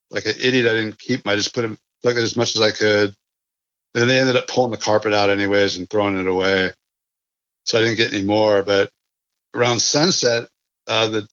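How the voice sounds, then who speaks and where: A man's voice: fairly low pitch, fairly bright tone, no echo, muffled recording. A man from California telling a long casual story as a podcast guest, rambling with many restarts and fillers.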